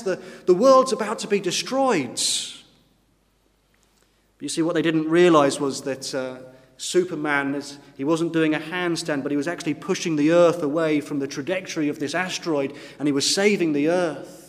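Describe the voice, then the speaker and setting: A man preaching a sermon, retelling the story dramatically and voicing the doubts of the crowd. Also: high voice. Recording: long reverb of a church hall.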